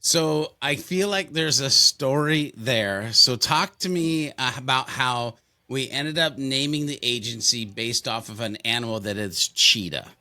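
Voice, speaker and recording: A man's voice: mid-range voice, measured pace, few pauses, pushed and bright, no echo. An American man hosting a podcast, talking in an upbeat, enthusiastic, folksy way. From United States. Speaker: podcast host. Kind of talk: casual podcast chat.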